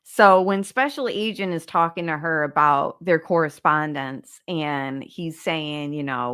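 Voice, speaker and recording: A woman's voice: sits low, measured pace, few pauses, fairly bright tone, clean tone. A woman hosting a casual livestream, chatting straight to viewers and reading documents aloud. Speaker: true crime channel host. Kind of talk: casual livestream case discussion.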